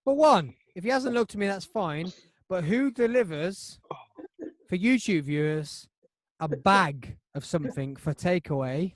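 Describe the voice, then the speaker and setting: A man hosting a podcast, telling a story in a rambling, animated way with lots of restarts. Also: high-pitched, a little slow, no room sound, clean studio sound. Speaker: podcast host. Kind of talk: casual chat.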